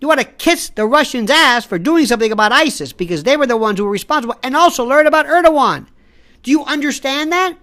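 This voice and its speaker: A man's voice: very high-pitched, lively intonation, fast, pushed and bright. A man delivering an impassioned, exasperated political commentary rant straight to the viewer, often stumbling and restarting his words. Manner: talks straight to the viewer while browsing online.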